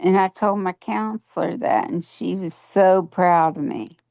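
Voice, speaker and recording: An older woman tells a personal story in a slow, earnest, plain-spoken way. Her voice is low and gravelly. The sound is dry and close. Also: fairly even intonation, a little mellow, dry recording. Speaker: coaching client. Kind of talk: personal storytelling in a coaching session.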